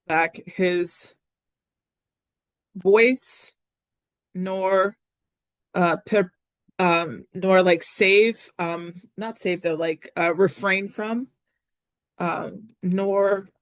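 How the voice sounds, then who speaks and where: A woman teaching a Latin poetry lesson in a chatty, casual way, often pausing with fillers and correcting herself as she works through the text. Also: on the low side, no echo. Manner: chatty, self-correcting, frequent ums. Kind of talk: recorded classroom lesson.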